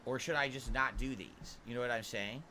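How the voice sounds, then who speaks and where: A man's voice: mid-range voice, a little fast, pushed and bright, slight background noise. A man streaming a video game, musing to himself and asking questions aloud as he plays. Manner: musing, talks to himself while playing. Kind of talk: let's-play commentary.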